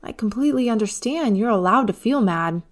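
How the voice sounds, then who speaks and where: A woman voicing a kind, patient mother who speaks gently and reassuringly. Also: a little high, animated, a little fast, close to an everyday voice. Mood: soothing.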